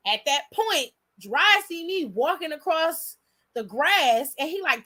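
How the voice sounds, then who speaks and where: A young woman hosting, telling a story in a blunt, profane and animated way. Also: sits high, slow pace. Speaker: host. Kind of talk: casual storytelling.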